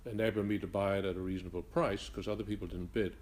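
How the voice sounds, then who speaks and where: An older man from Northern Ireland with a blended Northern Irish and Rhodesian accent, answering interview questions in a reflective, halting way with frequent restarts. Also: sits low, fairly even intonation, a little mellow. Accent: mixed Northern Irish and Rhodesian. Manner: halting, many restarts and fillers.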